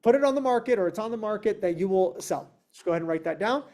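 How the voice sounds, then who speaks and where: A man's voice: high-pitched, expressive, fast, a little mellow. A man leading a real estate sales meeting over a video call, emphatic and confrontational, firing questions at his team and acting out clients in quoted voices. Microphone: online meeting, speaking to a video call.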